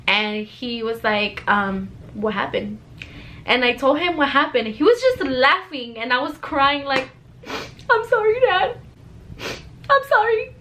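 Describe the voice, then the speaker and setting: A woman's voice: on the high side, measured pace, a little hiss or hum. Chatty young woman telling a story. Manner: chatty, animated, fills with "like". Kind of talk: casual storytelling to camera.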